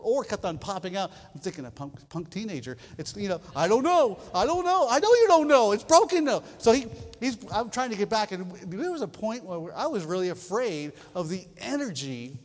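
High-voiced preacher in a reverberant hall. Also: male voice. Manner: animated storytelling, emphatic repeated phrases. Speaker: pastor. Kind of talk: sermon.

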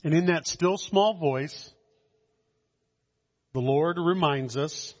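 A man preaching a communion sermon, slow and measured, with dramatic pauses and soft drops in his voice. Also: fairly high pitch. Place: church hall. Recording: dull sound in a long-echoing hall.

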